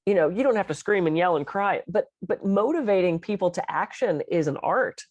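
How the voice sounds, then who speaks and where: A middle-aged woman co-hosting a podcast in casual chat, an animated and expressive storyteller. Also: on the low side, fairly quick, dry recording, lo-fi sound. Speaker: podcast co-host.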